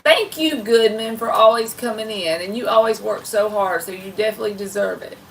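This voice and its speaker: A woman's voice: medium pitch, brisk, gravelly. Southern woman, folksy livestream host, slightly distant mic, light background noise. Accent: Southern American. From American South. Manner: chatty, folksy, talks to viewers in chat. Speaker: livestream tarot reader host. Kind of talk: casual late-night livestream chat.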